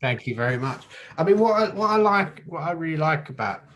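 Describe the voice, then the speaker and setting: A man's voice: on the high side, lively intonation, a little fast, fairly bright tone. A man hosting a casual conversation, talking hesitantly with many restarts and fillers. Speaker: podcast host.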